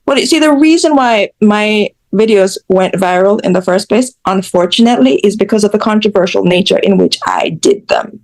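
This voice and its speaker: A woman's voice: mid-range voice, brisk, darkish tone. A woman from Jamaica, a social media creator being interviewed, speaking bluntly with self-mocking asides and acted-out quotes. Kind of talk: candid storytelling in interview.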